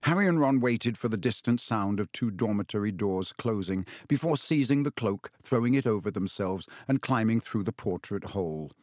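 A man narrating an audiobook in an even, measured storytelling manner. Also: fairly low pitch, no echo, clean studio sound.

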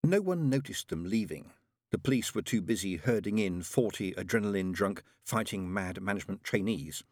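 A man narrating an audiobook in a dry, measured manner. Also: on the low side, animated, darkish tone, no echo.

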